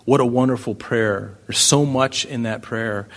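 Male pastor, emphatic sermon delivery, rhetorical questions, mid pitch. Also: measured pace. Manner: emphatic, rising to loud declarations, with rhetorical questions. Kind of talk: sermon, reading and expounding scripture.

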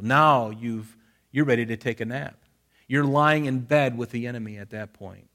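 A man's voice: mid-range voice, normal speed, a bit bright. A man preaching a conversational Bible-study sermon, folksy, repeating phrases for emphasis and telling listeners to underline verses. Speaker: pastor.

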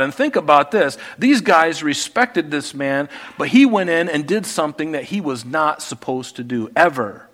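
Male pastor, verse-by-verse teaching, slightly high pitch, animated with sudden soft asides. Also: normal speed, hardly any pauses. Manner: animated, swings between loud emphasis and quiet asides. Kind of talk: expository Bible teaching.

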